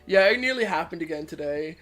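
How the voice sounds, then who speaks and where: A man's voice: on the high side, lively intonation, fast talker, over a noisy crowd. A man co-hosting a podcast, telling a tabletop game story in casual chat with a rambling, self-mocking delivery. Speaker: podcast co-host. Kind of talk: casual chat while gaming.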